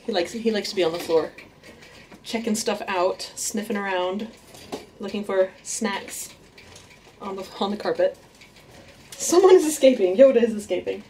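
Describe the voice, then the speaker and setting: A woman's voice: mid-range voice, fairly even intonation, normal speed, long pauses, a little mellow, a little hiss or hum. A woman in a casual home vlog, chatting about her pet rats with frequent laughs and cooing baby talk to them. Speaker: artist and vlogger introducing her pet rats.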